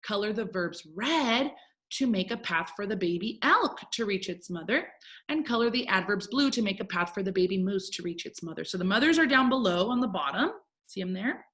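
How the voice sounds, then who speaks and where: A woman's voice: mid-range voice, a bit bright. A woman teaching a first grade phonics lesson, upbeat and encouraging as she talks to young children. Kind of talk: recorded remote phonics lesson.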